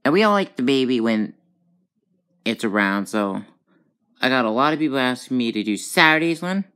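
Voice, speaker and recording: A woman hosting a gaming channel, talking through gameplay in a rambling, excitable way with sudden high outbursts. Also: moderate pace, smooth. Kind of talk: casual gameplay commentary.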